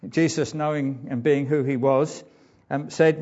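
A man preaching a sermon in a conversational, halting way, full of ums and uhs. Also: a little high, steady tone, darkish tone, highs cut off. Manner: hesitant, frequent ums and uhs; conversational, informal asides.

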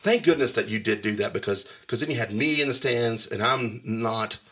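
A man's voice: mid-range voice, normal speed, bright, forceful tone, slightly rough. A middle-aged man hosting a podcast in casual, joking chat, teasing and laughing often. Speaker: podcast host.

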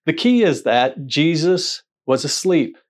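A man preaching a sermon, telling the story in an animated way, asking rhetorical questions and quoting the voices in it. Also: on the high side, takes it slowly.

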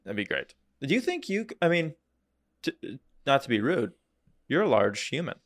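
A man's voice: medium pitch, sing-song, moderate pace. A young man hosting a podcast, chatting casually and joking, acting out imagined conversations. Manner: joking, acts out imagined dialogue. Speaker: podcast host. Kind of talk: casual chat.

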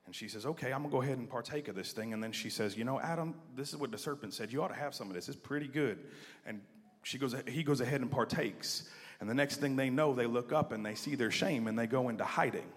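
A man preaching a sermon, shifting from quiet asides to loud emphasis and leading the congregation to repeat lines after him. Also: mid-range voice, fast talker. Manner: building from quiet asides to near-shouted emphasis; leads the congregation in call-and-response. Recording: long hall reverb.

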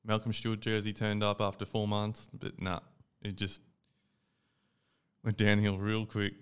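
A young Australian man with a lowish, smooth, clear voice tells a story on a casual podcast. He talks in an animated way and acts out each quoted line. He swears easily. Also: measured pace. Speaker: podcast co-host. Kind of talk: casual chat.

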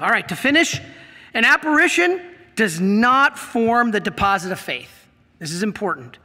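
A man's voice: sits high, big pitch swings, normal speed, pushed and bright, in a large hall. A middle-aged man preaching a sermon to a congregation, emphatic and asking them questions. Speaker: priest. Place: church.

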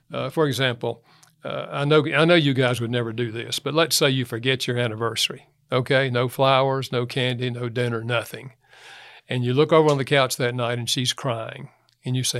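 A man's voice: mid-range voice, steady tone, normal speed, creaky, fairly bright tone. A man speaking as a guest author in an interview, telling anecdotes, chuckling and acting out quotes. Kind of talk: conversational interview talk.

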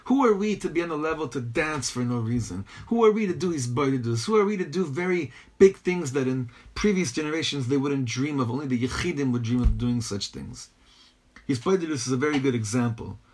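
In a text-based lecture on the Torah, a man with a husky, slightly mellow medium-pitched voice speaks expressively and a little fast. He drives his points home with rhetorical questions and mixes Hebrew and Yiddish phrases into his English.

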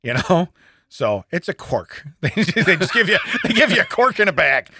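A man co-hosting a comedy podcast, telling stories in a casual, animated way and laughing often. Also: high voice, moderate pace, no room sound, clean studio sound. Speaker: podcast co-host. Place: podcast studio.

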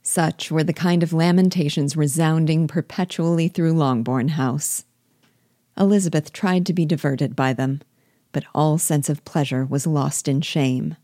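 A woman narrating a classic novel aloud in a steady, measured reading style. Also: deep voice, no echo, clean studio sound. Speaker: audiobook reader and guide. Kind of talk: scripted narration.

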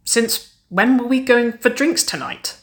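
A woman's voice: on the low side, moderate pace, a bit bright, close to an everyday voice. A woman voicing a playful, cheeky young woman, the younger sister, in an audiobook reading.

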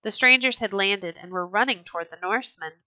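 Lady reading a kids storybook, measured and expressive, bright voice, dry close mic. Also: mid-range voice, no echo. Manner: measured, expressive read-aloud.

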